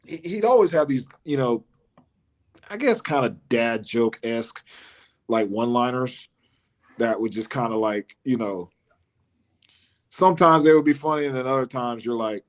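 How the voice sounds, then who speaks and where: A man's voice: moderate pace, long pauses. A man, a former college football player telling casual stories as a guest on a live show, often restarting and laughing. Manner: animated storyteller who mimics his coach in a high voice, laughs often, many restarts.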